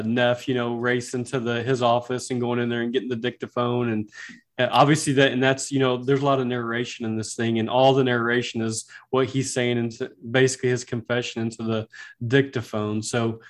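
Relaxed man chatting about a film. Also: mid-range voice. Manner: relaxed, halting, many fillers. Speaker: podcast co-host. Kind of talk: casual film discussion.

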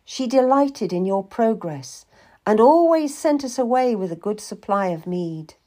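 A woman narrating a historical novel in the first person, measured and expressive. Her pitch rises and falls widely, and she reads at an unhurried, deliberate pace. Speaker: audiobook narrator.

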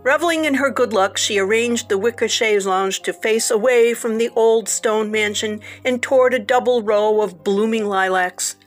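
A woman's voice: a little high, moderate pace, hardly any pauses. Dramatic female narrator for a gothic tale, faint music bed. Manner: expressive, dramatic. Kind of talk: audiobook narration of a gothic story.

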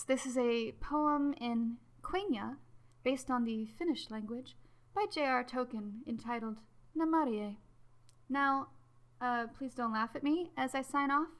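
A woman hosting a podcast, talking in an animated, excitable way and teasing herself for being a nerd. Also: a little high. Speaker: podcast host. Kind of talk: enthusiastic casual podcast talk.

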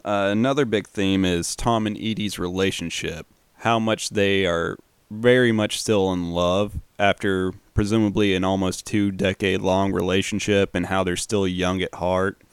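Deep gravelly man recapping a film. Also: moderate pace, no echo. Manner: relaxed, swears casually, uses fillers. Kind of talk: casual film commentary.

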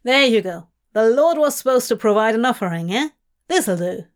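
A woman's voice: a little high, lively intonation, moderate pace, natural voice. A woman voicing a snarky, irreverent male demon who talks brashly and sarcastically, in a storybook reading. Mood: impatient.

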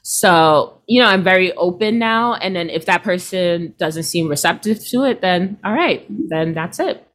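A woman in her thirties, a healer, chatting casually and acting out quoted people with lively swings in her voice. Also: a little slow, hardly any pauses. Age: 30s. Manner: expressive, acts out quoted people with big pitch jumps. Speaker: guest, healer. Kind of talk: casual podcast conversation.

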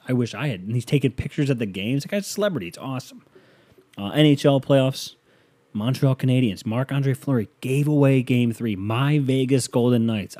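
Rambling podcast host with a mellow voice. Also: male voice, medium pitch. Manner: rambling, joking, profane. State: sore voice. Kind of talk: casual sports chat.

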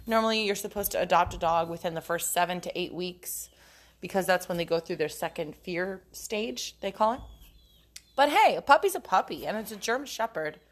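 A woman's voice: fairly low pitch, lively intonation, brisk. Giggly, foul-mouthed woman podcast host. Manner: profane, giggly, frank and joking. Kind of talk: casual solo podcast monologue.

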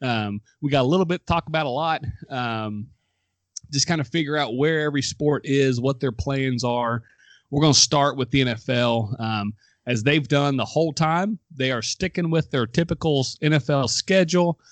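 A young man hosts a relaxed talk show and spins a story out loud. He acts out the people he quotes and laughs along the way. His voice sits dry and close to the mic. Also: mid-range voice, moderate pace, dry recording. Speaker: podcast host. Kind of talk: casual chat, storytelling.

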